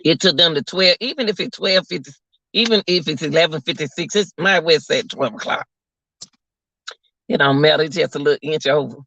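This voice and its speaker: Gravelly, bright-voiced man ranting to viewers. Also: a little high, fairly quick, no echo. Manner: incredulous, repeats phrases, talks to viewers as y'all. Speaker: commentary vlogger. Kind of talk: casual live commentary. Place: at work, away from home. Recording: dull lo-fi audio.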